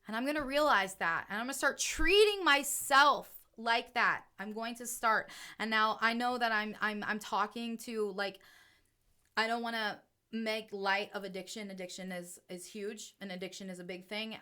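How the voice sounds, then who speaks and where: A woman's voice: medium pitch, bright, forceful tone, clean tone. A woman who calls herself a channel, speaking earnestly in repeated affirmations on a spiritual talk show. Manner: earnest, repetitive affirmations, sometimes laughing. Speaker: spiritual channel and podcast host. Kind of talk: emotional motivational talk.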